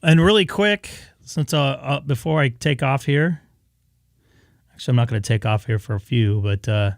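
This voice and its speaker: A man hosting a ham radio live stream in casual chat, talking in a relaxed, halting way with many fillers while losing his voice. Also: medium pitch, vocal fry, no room sound, rough recording. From Southern California.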